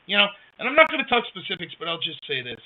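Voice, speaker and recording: A man's voice: high voice, wildly swooping pitch, rapid-fire. Wry man ranting on a dull headset mic. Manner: rambling, wry, reacting to chat. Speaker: live-stream host. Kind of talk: casual live-stream chat. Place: home, rural area. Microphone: wireless headset.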